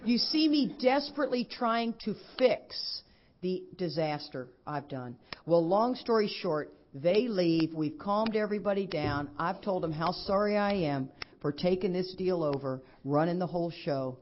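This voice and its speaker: A middle-aged woman, giving a lively personal testimony at a recovery convention and acting out what others said. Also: medium pitch, normal speed. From Texas. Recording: dull lo-fi convention recording.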